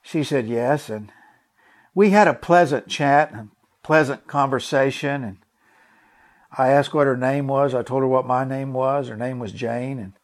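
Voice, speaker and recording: A man's voice: mid-range voice, a little slow. A man preaching a sermon and telling a personal story in an earnest, emphatic way, often repeating words and asking his listeners direct questions.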